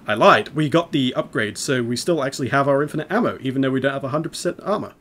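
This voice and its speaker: A man's voice: medium pitch, fast, a bit bright. A man hosting a let's play, rambling through casual gameplay commentary and laughing often as he explains. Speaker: let's play host playing the game.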